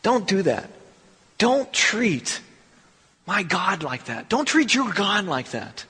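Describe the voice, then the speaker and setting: A man preaching a sermon as pastor, conversational and animated, with acted asides. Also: high voice, slow, breathy edge. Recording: long hall reverb.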